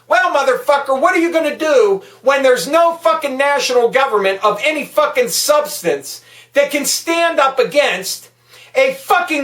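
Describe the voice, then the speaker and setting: A woman delivering an angry political rant, swearing constantly and shouting as she talks. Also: sits high, far from the mic. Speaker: political vlogger. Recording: echoey room, voice a bit off-mic.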